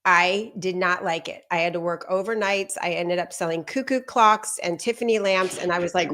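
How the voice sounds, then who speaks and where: A woman's voice: medium pitch, normal speed. Woman in her 50s hosting, just chatting, tells stories and does little quotes. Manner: chatty, quotes herself and others in lively asides. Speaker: podcast host. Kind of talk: casual chat, personal storytelling.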